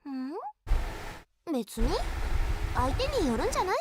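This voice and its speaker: A woman's voice: high-pitched, big pitch swings, brisk, background noise. A woman voicing a blunt, matter-of-fact teenage girl in a video game, answering plainly. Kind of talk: Japanese game voice acting.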